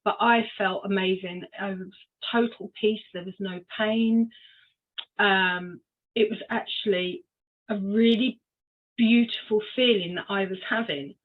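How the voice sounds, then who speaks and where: An older woman from Cornwall shares her story as a podcast guest. She speaks at a middle pitch, unhurried and reflective, with many small ums, and the sound is thin and boxy, like a phone call. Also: steady tone. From Cornwall, England. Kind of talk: personal story in a podcast interview. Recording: tinny phone-like line.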